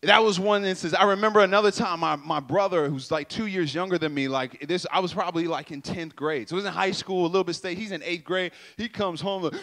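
Animated high-voiced young preacher. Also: male voice, fairly quick. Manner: animated, acts out voices and sound effects. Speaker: youth preacher. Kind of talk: sermon storytelling.

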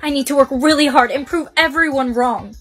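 A synthetic woman's voice reading the lead roles of short POV skits in an even, machine-like way. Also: high voice, a little fast, soft background music, rough recording. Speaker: text-to-speech storyteller. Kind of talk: text-to-speech POV skit narration.

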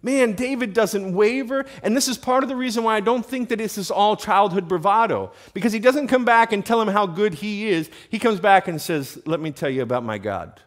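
Man, pastor, sermon, conversational preaching, slightly high voice, church sanctuary. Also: normal speed, hardly any pauses. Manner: conversational preaching, asks the congregation questions.

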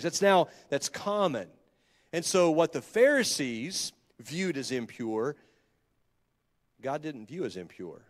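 A man preaching a sermon to his congregation in a conversational way, stopping to correct himself and asking the room questions. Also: fairly high pitch. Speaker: pastor. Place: church sanctuary. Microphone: handheld microphone. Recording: long hall reverb.

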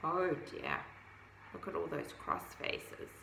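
A woman reading a children's picture book aloud, gently adding her own asides about the pictures. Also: deep voice, wildly swooping pitch, takes it slowly, vocal fry, noisy background. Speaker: storybook reader.

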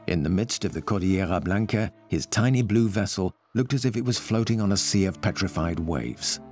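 Man, documentary narration, measured and explanatory, lowish voice, soft music under. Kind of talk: scripted narration. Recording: faint music behind.

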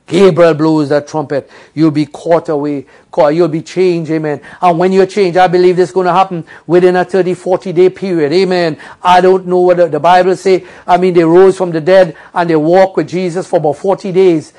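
A male pastor preaching a fervent sermon, peppering it with amens and hallelujahs, dropping to soft low passages and rising to loud high cries. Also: flat delivery, brisk, few pauses. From United States.

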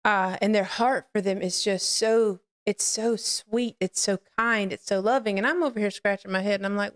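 A woman's voice: medium pitch, fairly even intonation, normal speed, hardly any pauses. A woman hosting a live-streamed faith podcast, talking candidly and rambling as she greets her chat and shares personal reflections. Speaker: podcast host.

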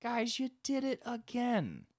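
A man voicing God as an exasperated, bemused deity who scolds humans in a high, drawn-out, teasing voice. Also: huge pitch swings, darkish tone, exaggerated voice.

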